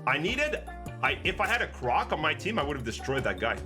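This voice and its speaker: Male streamer, playful and animated, fairly high voice over game music. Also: fairly quick. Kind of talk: live gameplay commentary.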